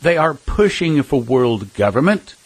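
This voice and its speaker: Husky-voiced earnest preaching man. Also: mid-range voice, very animated, unhurried, no room sound, poor audio. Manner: earnest, emphatic, with scattered restarts and chuckles; addresses listeners as brothers and sisters. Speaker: prophecy ministry speaker. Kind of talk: preaching talk with personal storytelling.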